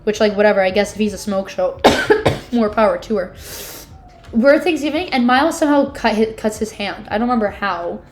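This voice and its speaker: A woman's voice: mid-range voice, expressive, fairly quick. A woman in her twenties co-hosting a podcast, summarizing a book in casual chat, full of "like" and dramatic reactions. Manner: chatty, peppered with "like", dramatic disgust reactions. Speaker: podcast co-host.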